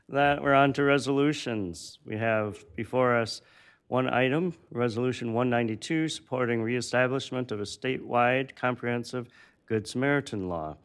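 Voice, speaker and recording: A man's voice: mid-range voice, moderate pace, clear, resonant tone. A man serving as board chair, running a public meeting in a procedural way with light teasing asides.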